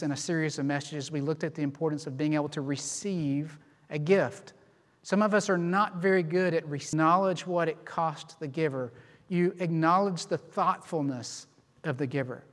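A pastor preaches a sermon in a church sanctuary, his slightly high voice carrying a long hall reverb. He's expressive and animated, acting out how people respond.

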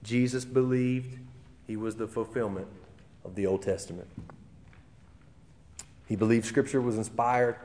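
Man preaching, casual chatty sermon, mid pitch, long hall reverb. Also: fairly even intonation, measured pace, long pauses, a little mellow. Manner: conversational, with fillers and restarts.

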